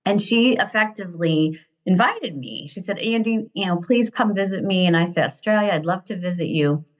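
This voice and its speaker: An American woman in her fifties from Ohio, a guest telling stories in a casual interview, animated and digressive, often laughing. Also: medium pitch, normal speed. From Ohio, USA. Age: 50s. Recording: dull lo-fi sound.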